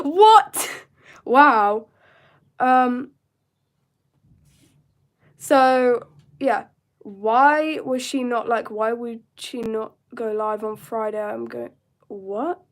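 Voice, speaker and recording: A young woman chatting through a live drawing tutorial, rambling and joking with her chat. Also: fairly high pitch. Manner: chatty, self-mocking asides to chat. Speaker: art streamer.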